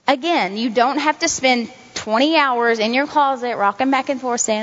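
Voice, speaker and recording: A woman's voice: high-pitched, moderate pace, hardly any pauses, a bit bright. A woman giving informal devotional teaching as a Christian speaker, talking in an earnest, repetitive, conversational way. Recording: dull sound in a reverberant hall.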